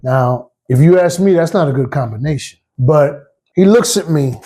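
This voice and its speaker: A retired police officer, telling a story casually and acting out the voices. His voice is husky and dark in tone, and sits a little high for a man. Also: normal speed. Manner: streetwise, casual, acts out voices. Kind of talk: personal storytelling.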